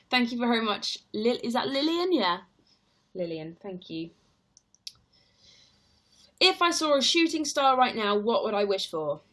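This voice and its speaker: A woman's voice: on the high side, very animated, a little slow, long pauses, fairly bright tone. A young woman chatting casually on a livestream, rambling and answering viewer comments. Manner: chatty and rambling, heavy use of "like". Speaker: stage actor and livestreamer.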